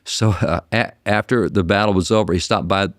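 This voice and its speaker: A man as a guest historian in an interview, telling stories in an animated way and often repeating words as he starts sentences. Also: on the low side, a little fast, no room sound, clean studio sound. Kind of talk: interview storytelling.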